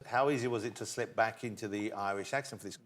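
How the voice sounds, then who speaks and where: A male talk-show host asking brisk, enthusiastic questions. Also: on the low side. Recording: studio with audience.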